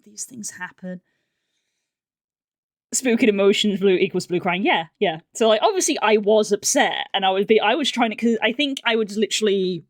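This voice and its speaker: A woman's voice: medium pitch, dry recording. A young woman tells a casual story on her live stream and rambles along with plenty of fillers and restarts. Her voice sits in a middle register. It is recorded close on a streaming mic in a dry, dead room. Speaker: livestreamer.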